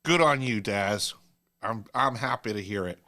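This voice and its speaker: Casting note: low-voiced male host, loose anecdotal delivery, chuckles often. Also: moderate pace, sharp tone. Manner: rambling, laughs at his own stories. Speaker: show host. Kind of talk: casual storytelling.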